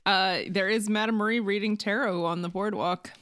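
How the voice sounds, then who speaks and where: A woman's voice: medium pitch, steady tone, normal speed, a bit bright, no room sound. A woman hosting a podcast in casual chat, easygoing and often laughing. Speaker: podcast host.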